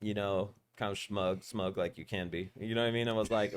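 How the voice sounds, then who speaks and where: Man, podcast host, rapid-fire rambling stories, lowish voice, swears freely. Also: clean tone. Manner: rambling, profane, animated storytelling. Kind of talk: casual storytelling interview.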